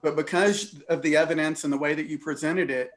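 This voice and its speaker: A man's voice: fairly high pitch, steady tone, fairly quick. A man, serving as judge and giving plainspoken, encouraging feedback with dry humor over a video call. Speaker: judge presiding over a mock trial. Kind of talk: casual feedback to students.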